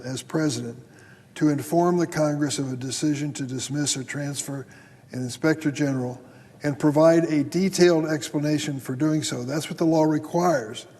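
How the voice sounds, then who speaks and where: An older man, a senator, delivers a formal floor speech in a measured, deliberate, stern way with a slightly husky voice. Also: fairly high pitch, mellow. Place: large legislative chamber. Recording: long hall reverb.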